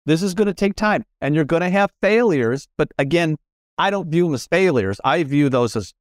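A man hosting a casual interview, talking with enthusiasm and sudden leaps in pitch. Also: expressive, brisk, no echo, studio quality. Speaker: podcast host. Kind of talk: casual conversation.

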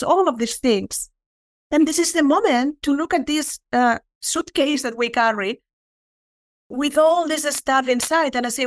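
A woman speaking earnestly and reflectively about letting go and forgiveness, slowing down to stress key points. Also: high voice, no echo. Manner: earnest, reflective, slows for emphasis. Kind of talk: spiritual talk on forgiveness.

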